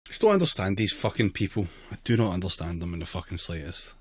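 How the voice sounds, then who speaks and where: A man's voice: sits low, big pitch swings, a little hiss or hum. A man co-hosting a casual podcast, swearing and reading newspaper quotes aloud. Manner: sweary, exasperated, fast when ranting. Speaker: podcast co-host.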